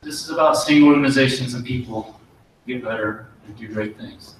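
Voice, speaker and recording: A middle-aged man, an army officer, giving an earnest promotion speech and telling a folksy story with pauses and restarts. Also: mid-range voice, distant mic, a little hiss or hum. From United States. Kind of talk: ceremony speech with war story. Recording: very echoey hall, voice from afar.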